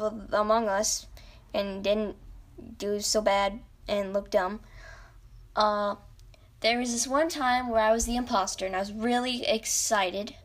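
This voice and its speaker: A young woman telling a rambling, animated story about a video game as a podcast host. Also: on the high side. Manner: rambling, animated, self-interrupting. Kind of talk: casual storytelling.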